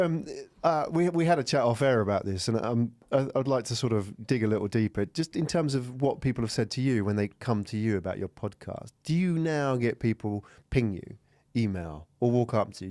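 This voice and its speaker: A man's voice: medium pitch, expressive, a little fast, a little mellow, no room sound. A British man hosting a podcast in a studio, asking questions and sharing thoughts in an encouraging, reflective way. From United Kingdom. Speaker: podcast host. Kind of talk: casual interview chat.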